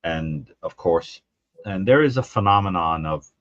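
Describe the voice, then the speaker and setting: A man hosting a panel discussion, asking questions with halting starts and restarts. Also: deep voice, animated, a bit bright, no echo. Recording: dry, dull lo-fi sound.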